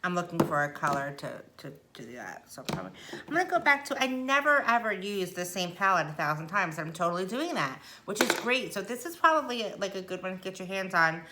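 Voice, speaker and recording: Woman, middle-aged, home makeup tutorial, chatty, self-deprecating, lowish voice, faint background hiss. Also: big pitch swings, fairly quick. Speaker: makeup vlogger. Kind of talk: casual makeup tutorial chat. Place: indoors at home.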